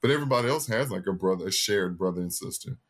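Male podcast guest, thirties, low voice, earnest storyteller who acts out the people he quotes. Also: expressive, fast talker, a bit bright. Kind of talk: personal storytelling in an interview.

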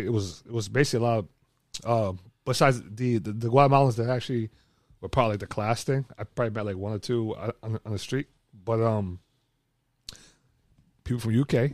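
A man's voice: medium pitch, a little mellow, no echo. Co-host, male, casual rambler with lots of restarts, dry close sound. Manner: rambling storyteller with many restarts and fillers. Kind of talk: casual chat.

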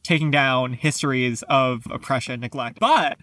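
A young man hosting a casual book podcast, chatty and quick with lots of fillers. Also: medium pitch, a bit bright, no room sound. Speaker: podcast host.

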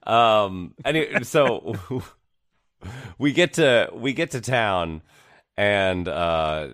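A man's voice: lowish voice, lively intonation, very slow, fairly bright tone, dry recording, clean studio sound. A man co-hosting a casual game podcast, rambling through playful theories with many restarts. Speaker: podcast co-host.

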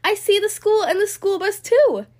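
A woman's voice: extremely high pitch, expressive, normal speed, darkish tone, pitched above the performer's own voice. Woman doing a squealing little piglet. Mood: excited. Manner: squealing, tearful. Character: crying little pig, young, late for school.

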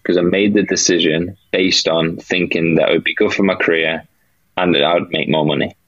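A man's voice: low-pitched, fairly even intonation, brisk, a bit bright, no room sound. A British man, a podcast guest, earnestly telling a faith testimony and acting out the dialogue he remembers. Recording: dull lo-fi dry sound.

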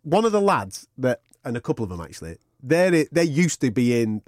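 Male podcast co-host, lively swinging pitch, dry close sound, sweary storytelling. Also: a little fast, dry recording. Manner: swearing, animated anecdote-telling. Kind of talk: casual storytelling banter.

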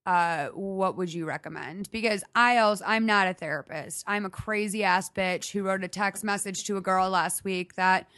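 A woman's voice: mid-range voice, normal speed, hardly any pauses, a bit bright, dry recording. Woman, podcast host, blunt, profane, casual advice chat, dry sound.

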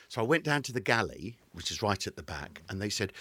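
A man's voice: low voice, expressive, a little fast, few pauses, fairly bright tone, no room sound. A man from England, a podcast guest telling anecdotes theatrically and acting out the quotes. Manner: theatrical storyteller, acts out quotes. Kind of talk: anecdotal celebrity interview.

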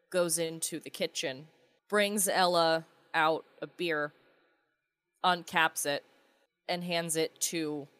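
Chatty low-voiced woman player. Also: fairly bright tone. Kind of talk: tabletop role-play narration.

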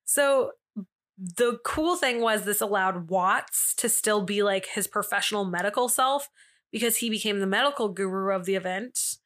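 Chatty young woman with a bright voice. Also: mid-range voice, moderate pace. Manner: chatty, filler-heavy, with frequent asides and laughs. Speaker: podcast host. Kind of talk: casual storytelling podcast.

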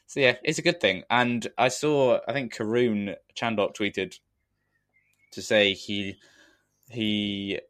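A man's voice: fairly low pitch, fairly even intonation, takes it slowly, fairly bright tone, no echo, clean studio sound. A man co-hosting a podcast, chatting casually in a rambling, self-deprecating way with frequent laughs. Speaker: podcast co-host. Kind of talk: casual chat.

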